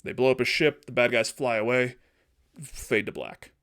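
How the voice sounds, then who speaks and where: Man, casual chat, storytelling, animated, average pitch. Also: normal speed. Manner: animated, acting out characters. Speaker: podcast host.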